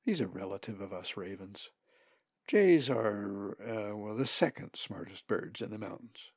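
A man voicing a calm, knowledgeable male raven who explains things. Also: lowish voice, measured pace, breathy edge, no echo, exaggerated voice.

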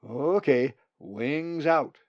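A man voicing a patient adult male raven who calmly and encouragingly teaches chicks to fly. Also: on the high side, drawn-out words, no echo, muffled recording, voice pushed up. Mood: instructing. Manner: calm, encouraging, instructive.

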